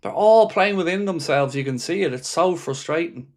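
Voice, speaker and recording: A man's voice: on the high side, lively intonation, normal speed. A man hosts a live football watchalong and commentates as the match unfolds. He sounds openly exasperated and swears without holding back. Between calls of the play, he reads out and replies to messages from his viewers. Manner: frustrated, exasperated, swears freely. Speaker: fan channel host.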